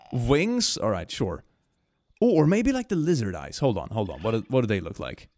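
A man with a mid-range voice streams a game and comments casually and excitably, swinging between gushing and mumbling and laughing often.

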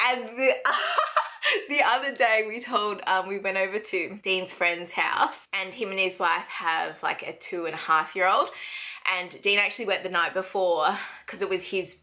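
A woman's voice: medium pitch, unhurried, sharp tone. A young woman with an Australian accent, chatting casually in a vlog, laughing often and acting out what others said. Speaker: vlogger. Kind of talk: casual chat.

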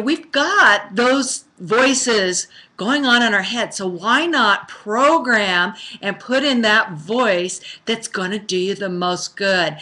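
Chatty bright-voiced woman yoga teacher. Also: mid-range voice. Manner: chatty, restarts often, drops to slow soft affirmations. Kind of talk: casual live-stream yoga talk.

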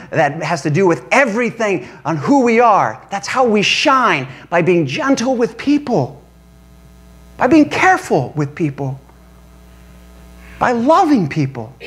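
A man preaching a sermon to a congregation, asking them questions, calling for amens and laughing as he tells stories. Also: high voice. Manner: animated, engages congregation with questions and calls for amen; laughs while telling stories. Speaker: pastor. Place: church service before a congregation.

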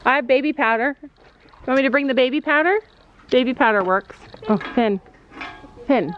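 A woman's voice: high-pitched, normal speed, muffled recording, a little hiss or hum. A woman vlogging as a mom outdoors at a horse barn, chatting casually and explaining her gear to viewers. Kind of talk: casual vlog chat.

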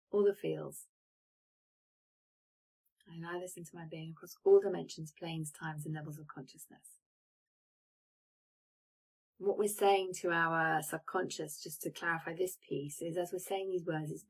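Breathy woman coaching softly. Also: low-pitched, poor audio. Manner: soft, guiding, invites listeners to reflect. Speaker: manifestation coach. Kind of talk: live-streamed coaching talk.

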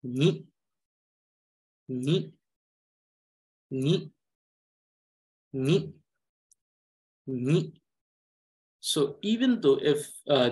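A male language teacher with a Tibetan accent, talking at an unhurried, deliberate pace. He explains how syllables are pronounced, repeats each sound several times, and pauses often, like a tutor drilling students. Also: a little high. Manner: patient, repeats syllables slowly for students to follow. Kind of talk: reading lesson with repeated drills.

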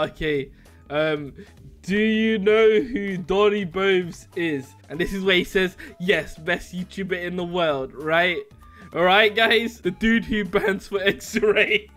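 A man's voice: high voice, a bit bright. A man giving casual gameplay commentary as a YouTuber, giggling often as he talks. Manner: giggly, laughs through his lines. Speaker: YouTuber playing a game.

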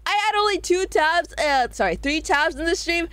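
A young woman streaming casually, reading viewer messages out loud with giggles, jokey asides and plenty of swearing; her voice is going a bit hoarse. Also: very high voice, expressive, normal speed, no room sound. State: voice getting hoarse.

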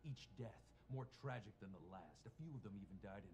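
A swaggering hard-boiled detective. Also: male voice, on the low side, animated, fast. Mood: wisecracking. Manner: gruff swaggering bravado with dark humor. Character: brash hard-boiled male detective, cocky and bossy. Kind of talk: acting in an interactive murder-mystery film.

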